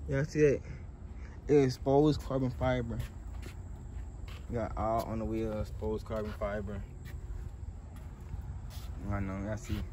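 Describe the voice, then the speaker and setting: A young man with a Southern US accent, chatting loosely and excitedly as he walks viewers around cars outdoors on a hot day, filmed on a handheld phone. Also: mid-range voice, slight background noise. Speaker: car vlogger. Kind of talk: casual walkaround car vlog.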